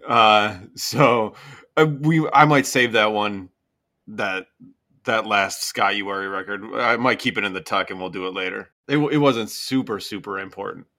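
A man hosting a music podcast in casual chat, easygoing and quick to laugh. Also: fairly low pitch, sharp tone. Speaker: podcast host.

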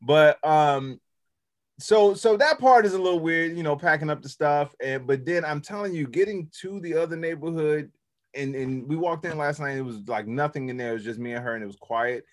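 A man hosting a casual podcast, talking in a rambling way with many restarts and quieter reflective stretches. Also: moderate pace. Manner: rambling, restarts often, drops to low tones for reflection. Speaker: podcast host. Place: Hollywood.

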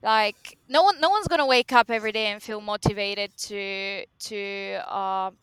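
A woman guest on a podcast, sharing a sales story in casual chat with halting restarts. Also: mid-range voice, a bit bright, clean tone, no room sound. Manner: laughs often, halting restarts.

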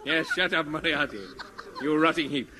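An actor playing a suave, smooth-talking con man, mock-polite and condescending, in a 1950s radio comedy. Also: a little high, moderate pace, close to an everyday voice. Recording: loud hiss on an old radio recording.

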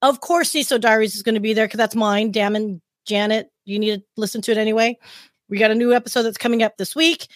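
A woman from Southern California hosting a podcast in an upbeat, chatty way, giving shout-outs. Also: on the high side, fairly even intonation, fast talker, dry recording, clean studio sound. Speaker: podcast host. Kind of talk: casual podcast chat.

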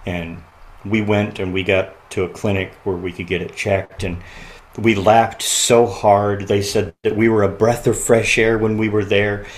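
A man sharing a personal story as a podcast guest, earnest and often quiet and halting, laughing at the lighter moments. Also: fairly low pitch, level tone, poor audio.

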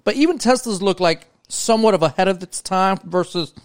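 A man's voice: high-pitched, a little fast, no echo, studio quality. A young man from New York co-hosting a podcast, chatting casually and rambling with lots of "like" and "you know". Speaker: podcast co-host.

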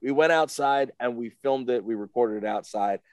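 A man's voice: mid-range voice, normal speed, no echo. A man, a guest on an interview show, tells a story in a casual, rambling way, often stopping with "what do you call it" and acting out the voices of the people in it. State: emotional, close to tears.

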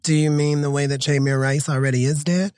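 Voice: mid-range voice, fairly even intonation, fairly quick, darkish tone, no echo, studio quality. A podcast co-host in casual chat, making pointed arguments with rhetorical questions.

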